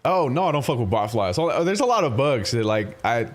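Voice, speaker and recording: A man's voice: medium pitch, sing-song, brisk. A man live streaming, talking casually with his viewers, rambling through stories full of swearing and frequent laughter. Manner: profane, rambling storytelling, often laughing. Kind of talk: casual livestream chat with viewers.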